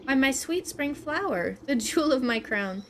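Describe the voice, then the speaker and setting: A woman's voice: sits high, expressive, moderate pace, a little hiss or hum. A woman doing a timid, stammering beekeeper man. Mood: fawning. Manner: nervous, stammering, fawning. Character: timid lovesick male beekeeper, eager to please.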